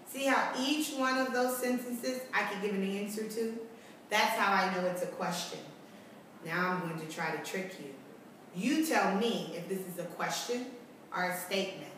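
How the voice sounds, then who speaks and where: A woman teaching kindergarten, explaining a reading lesson slowly and clearly, often asking questions back. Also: medium pitch, expressive, sharp tone, heavy reverb, recorded from a distance, a little hiss or hum, poor audio. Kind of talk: recorded tutorial lesson for parents and children.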